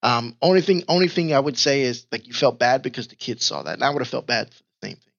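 A man from New York, a podcast guest, giving frank, measured opinions and swearing casually. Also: medium pitch, expressive, creaky, fairly bright tone. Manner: measured, frank, agreeing with profanity. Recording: dull lo-fi sound.

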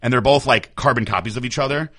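A man co-hosting a casual podcast, telling animated stories, swearing freely and acting out what others said. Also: medium pitch, quick pace, breathy edge. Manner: animated storyteller, swears freely, acts out quotes. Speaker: podcast co-host. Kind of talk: casual chat.

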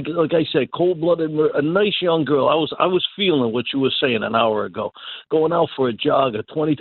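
Calling a radio program, this man presses his points hard, repeats himself and trips into restarts. The tinny phone line carries his husky mid-range voice in a dry recording.

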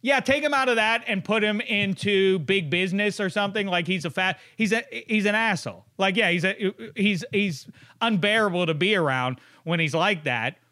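A man's voice: sits high, normal speed, bright, forceful tone. A man co-hosting a casual sports chat, rambling and repeating himself as he tells a story.

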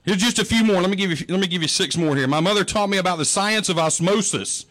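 Middle-aged male pastor, high-pitched, folksy storyteller with a joking delivery. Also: quick pace, a bit bright. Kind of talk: sermon.

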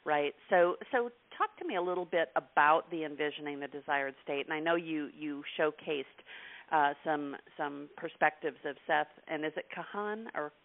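A man's voice: on the high side, normal speed, vocal fry. A man hosting an interview, talking in a loose, chatty way full of "you know" asides. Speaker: interview host. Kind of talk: conversational interview. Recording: phone-like narrow line.

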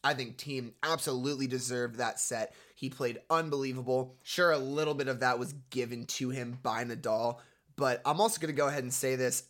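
Emphatic bright-voiced man giving tennis opinions. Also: mid-range voice, fairly even intonation, brisk. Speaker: podcast co-host. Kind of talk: casual sports podcast chat.

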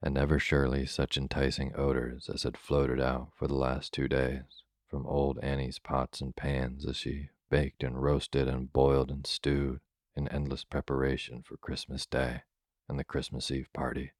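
Very deep, flat-voiced man reading a bedtime story. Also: normal speed, dry recording, clean studio sound. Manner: calm, even storybook reading for sleep. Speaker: narrator.

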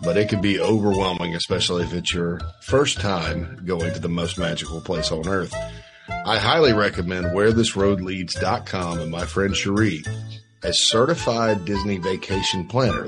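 A man, a show host reading a sponsor ad in an upbeat, folksy way. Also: low voice. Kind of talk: ad read. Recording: music bed under the voice. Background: music.

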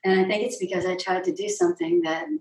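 Talking fast in a sing-song, creaky mid-range voice with a darkish tone, this actress spins interview anecdotes, interrupting herself and performing other people's lines. A distant mic picks up roomy echo and slight background noise.

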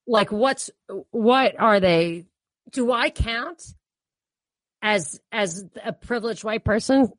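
A woman's voice: a little high, no room sound. Chatty woman with a dry close sound. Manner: chatty, laughing asides, quick restarts. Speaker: co-host. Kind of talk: casual political chat.

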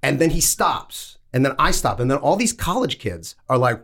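Male co-host, mid-pitched, very expressive storyteller who acts out quotes and swears freely. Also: normal speed. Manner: animated, profane, acts out dialogue. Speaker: podcast co-host. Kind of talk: casual storytelling chat.

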